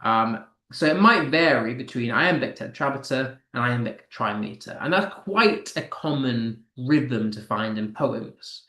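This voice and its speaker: A man's voice: medium pitch, expressive, measured pace, pushed and bright. British male teacher, encouraging, stresses verse, echoey room. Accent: British English. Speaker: English teacher. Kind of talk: live online lesson.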